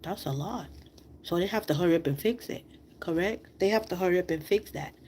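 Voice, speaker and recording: A woman's voice: on the low side, a little fast, a little mellow, a little hiss or hum. A woman on a livestream, speaking in an impassioned, repetitive way and asking many rhetorical questions while fighting back tears. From outside the United States. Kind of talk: emotional livestream monologue.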